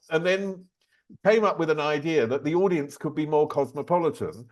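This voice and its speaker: A man's voice: a little high, normal speed. A man hosting an interview, telling a story in a chatty way and laughing as he talks. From southern England. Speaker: podcast host, interviewer. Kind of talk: casual interview chat.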